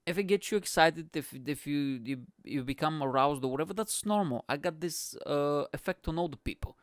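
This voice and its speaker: A man's voice: fairly high pitch, brisk, no room sound, clean studio sound. A young man with an accent, hosting a podcast with a crude, boastful, self-mocking comedic monologue. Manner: speaks with an accent. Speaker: podcast host.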